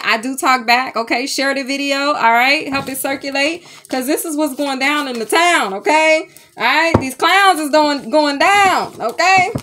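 A woman's voice: sits high, slight background noise. A woman, chatting animatedly as a spiritual medium in a home vlog, often checking in with the viewers. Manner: animated, chatty, keeps checking in with "okay?" and "y'all". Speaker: spiritual medium and tarot reader. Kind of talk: casual spiritual vlog chat. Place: home room with sage smoke.

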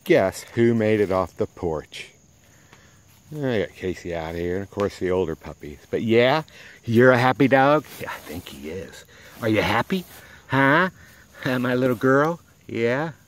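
A man's voice: on the low side, animated, unhurried. A man, a dog breeder chatting playfully and doting on his puppies outdoors. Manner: doting, playful baby talk to dogs. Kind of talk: casual outdoor vlog talking to puppies. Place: outdoors in a rural yard.

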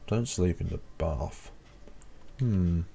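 A man's voice: deep voice, slow, creaky, heavy background noise. A young man playing a horror game, reading the dialogue aloud and adding sarcastic, joking asides. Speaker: let's play gamer.

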